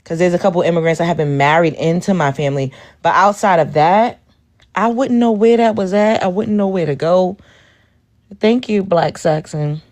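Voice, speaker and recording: A woman's voice: lowish voice, moderate pace. A woman from Brooklyn, hosting a livestream and talking bluntly to her chat. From Brooklyn, New York. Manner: animated, blunt, talks to chat. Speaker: livestream host. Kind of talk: casual livestream talk.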